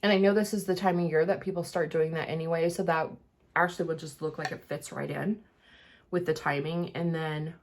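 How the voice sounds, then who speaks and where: A deep-voiced woman speaks fairly quickly with fairly even intonation, vlogging casually as she gets ready. She rambles along with fillers and restarts, having a little trouble enunciating her words.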